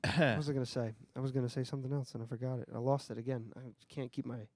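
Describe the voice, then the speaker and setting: A man's voice: mid-range voice, flat delivery, quick pace, a little mellow, dry recording. A man hosting a podcast in casual chat, joking, swearing and laughing a lot, a bit foggy from cold medicine. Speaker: podcast host.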